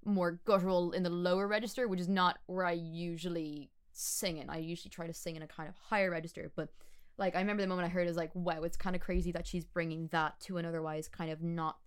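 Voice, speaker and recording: A woman's voice: on the low side, fairly even intonation, fast talker, smooth. A young woman, a musician guest chatting casually on a podcast, laughing often and filling her talk with "like". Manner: chatty, laughing, many fillers like "like".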